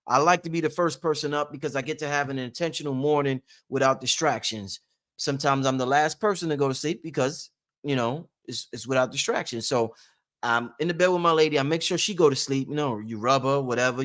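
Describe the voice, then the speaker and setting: A man's voice: mid-range voice, fairly bright tone. A man hosting a casual livestream who gives rambling, preachy motivational talk and repeats his points for emphasis. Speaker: livestream host.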